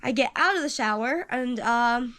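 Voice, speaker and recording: A woman's voice: a little high, animated, normal speed, pushed and bright. A woman vlogger telling a personal story in a casual, chatty way, step by step, with frequent ums.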